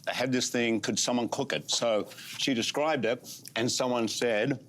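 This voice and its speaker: A man's voice: medium pitch, steady tone, normal speed, fairly bright tone. A man with an Australian accent, chatting casually and eagerly explaining a story. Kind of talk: casual chat.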